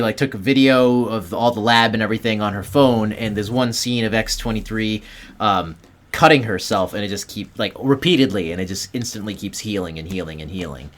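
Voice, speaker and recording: A man's voice: lowish voice, a bit bright. A man co-hosting a casual podcast, explaining a movie at length and swearing casually. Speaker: podcast co-host. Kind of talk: casual movie review chat.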